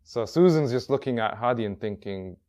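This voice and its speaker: A man's voice: medium pitch, lively intonation, fairly quick, warm tone. A man telling a story at a workshop in a casual, rambling way, full of ums and restarts. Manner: rambling, many fillers and restarts. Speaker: workshop speaker.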